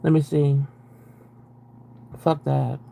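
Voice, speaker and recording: A young man reads a book aloud on a live stream very slowly, his slightly high voice gravelly and dark with a flat delivery. Between passages he interjects sarcastic, exasperated comments full of profanity.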